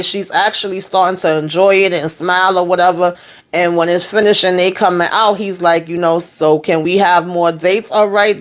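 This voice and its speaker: Chatty woman recapping a TV episode. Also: fairly low pitch. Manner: chatty, retells scenes with quoted dialogue and sassy asides. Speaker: TV recap vlogger.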